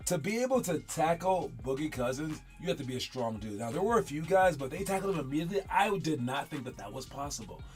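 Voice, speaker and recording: A man's voice: fairly high pitch, big pitch swings, quick pace, hardly any pauses. Male host, stutters, rambly casual commentary, faint music underneath. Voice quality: stutters, repeats words. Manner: rambling, wanders off mid-thought. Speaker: podcast host.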